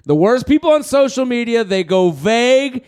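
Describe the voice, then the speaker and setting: A man hosting a podcast in casual comedic chat, animated and jokey, swearing freely and breaking into loud bits. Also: very high voice, moderate pace, clear, resonant tone. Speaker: podcast host.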